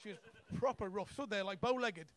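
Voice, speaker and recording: Man, young adult, high voice, stand-up comedian, brash, sweary, laughs at own jokes. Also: brisk, fairly bright tone, slight background noise. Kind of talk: stand-up set. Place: comedy club stage.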